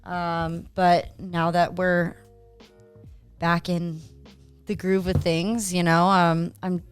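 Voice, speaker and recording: A woman's voice: fairly low pitch, level tone, slow pace, clean tone, faint music behind. A woman guesting on a podcast, chatty and self-deprecating as she talks about her own show. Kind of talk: casual podcast chat.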